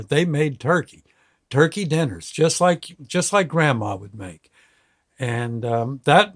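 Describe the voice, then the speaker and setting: Folksy older man, slightly high voice. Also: a bit bright. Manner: rambling, folksy, chuckles often between phrases. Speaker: show host. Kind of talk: casual storytelling monologue.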